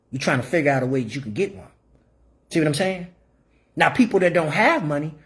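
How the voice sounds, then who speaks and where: A man's voice: high-pitched, a bit bright. A middle-aged man delivering a blunt opinion rant to the camera, repeating phrases for emphasis. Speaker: vlogger giving opinions.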